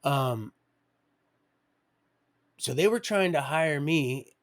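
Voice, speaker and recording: A man's voice: on the high side, animated, very slow. Rambling middle-aged man telling stories. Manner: digressive, loose and conversational, with chuckles. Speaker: livestream storyteller. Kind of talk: rambling personal storytelling.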